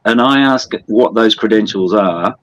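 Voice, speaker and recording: A man's voice: fairly low pitch, measured pace, a bit bright, low-quality recording. A man with an Australian accent, arguing on a livestream, swearing a lot and pressing with pointed questions. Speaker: livestream guest. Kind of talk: heated livestream argument.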